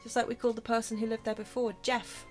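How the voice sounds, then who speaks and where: A woman's voice: a little high, level tone, fast, faint music behind. A woman with an English accent chatting casually while streaming a game, giggly and self-mocking, swearing often.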